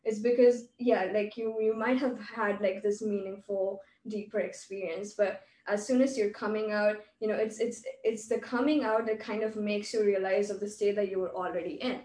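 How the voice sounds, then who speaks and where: A woman's voice: mid-range voice, steady tone, normal speed, few pauses, dark tone. Reflective woman podcast host, roomy distant sound. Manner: reflective, filler-heavy, speculative. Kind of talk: casual conversation. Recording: roomy, distant mic with faint ambience.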